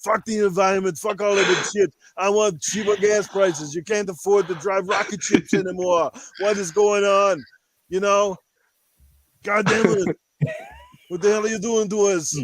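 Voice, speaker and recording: A man's voice: sits high, steady tone, moderate pace, no echo. A man doing a brash, profane action-star rant. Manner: loud, profane ranting. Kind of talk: comedic impression on a podcast.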